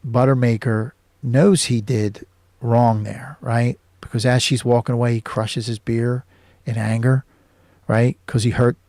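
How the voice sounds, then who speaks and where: A man's voice: medium pitch, darkish tone, no echo. A man hosting his own show, casually recapping a film scene by scene with many fillers and restarts. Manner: rambling recap with many fillers and self-corrections. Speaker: host.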